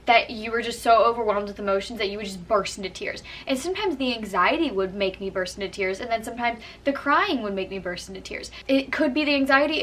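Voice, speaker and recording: A woman's voice: fairly high pitch, bright, forceful tone, recorded from a distance, slight background noise, low-quality recording. A young woman vlogger explaining acting tips in a chatty, earnest way, full of "like" and "kind of". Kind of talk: casual how-to talk to camera.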